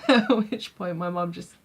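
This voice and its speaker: A woman's voice: fairly low pitch, slightly rough. Chatty woman telling a story. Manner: chatty, laughs often, many fillers. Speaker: vlogger. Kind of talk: storytime vlog.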